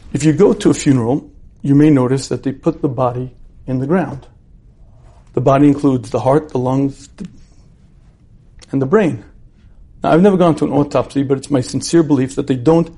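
A Torah teacher with a higher, mellow voice and a breathy edge gives a lecture on repentance. His class is conversational, full of rhetorical questions and little acted-out scenes from everyday life.

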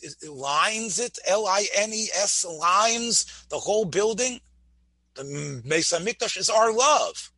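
High bright-voiced man teaching a class. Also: husky, no echo. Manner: repeats and restarts words, asks the listeners questions. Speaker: rabbi giving a Torah class. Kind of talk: Torah lecture.

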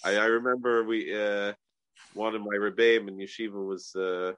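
Lower-voiced man, halting chatter. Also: flat delivery, a bit bright, clear, resonant tone, dry recording. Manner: halting, stumbles and repeats words. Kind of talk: casual film discussion.

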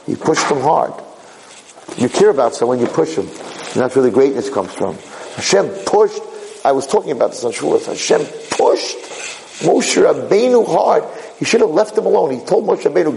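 A man giving a sermon as a rabbi, animated and conversational, repeating phrases for emphasis. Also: medium pitch, normal speed, gravelly, a little hiss or hum, low-quality recording.

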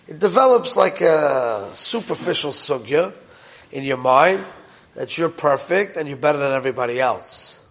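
Man, rabbi teaching a class, conversational, asks questions, fairly high voice. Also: expressive, moderate pace. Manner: conversational, asks listeners questions, mixes Hebrew terms. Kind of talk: informal Torah lesson.

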